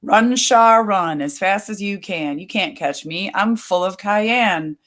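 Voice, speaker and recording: A woman's voice: medium pitch, a little slow, a bit bright, natural voice. A woman voicing a cheeky runaway cornbread boy in a storybook, calling out in a taunting singsong.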